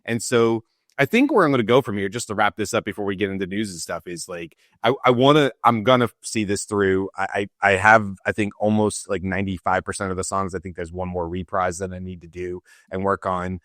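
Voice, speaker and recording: A man co-hosting a show, telling a story in an animated, laughing way in casual chat. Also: low voice, fairly quick, dry recording, clean studio sound. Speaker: show co-host.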